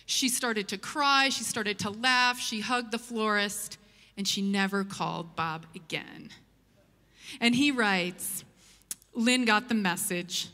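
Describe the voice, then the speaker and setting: A woman telling a story in a church sermon, lively and humorous as she tells it. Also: a little high, long reverb tail. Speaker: church speaker. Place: church auditorium.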